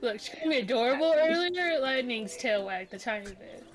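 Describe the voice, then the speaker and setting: Teasing high-voiced woman, noisy recording. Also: lively intonation, fairly quick. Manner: teasing and giggly. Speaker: player. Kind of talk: casual tabletop play.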